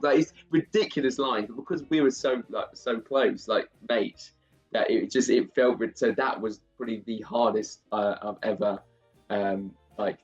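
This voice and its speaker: A young man with a Southeast London accent, an actor chatting casually as a guest, rambling and quick to laugh. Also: fairly low pitch, lo-fi sound, faint music behind. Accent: Southeast London English. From England. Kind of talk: casual interview chat.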